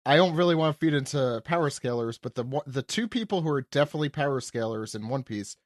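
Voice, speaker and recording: A man's voice: medium pitch, animated, fast, dry recording, studio quality. Chatty man on a podcast panel. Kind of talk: casual chat.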